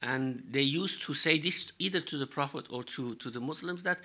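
A man explaining scripture in a lecture, measured and halting, with frequent fillers and pauses. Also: medium pitch, sharp tone. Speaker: religious teacher.

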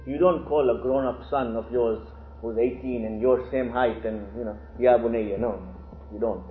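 A man teaching a religious lesson on scripture, animated and acting out the quotes he explains. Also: medium pitch, moderate pace, reverberant, faint music behind. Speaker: teacher of Quran commentary. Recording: tinny phone-like line, faint hiss.

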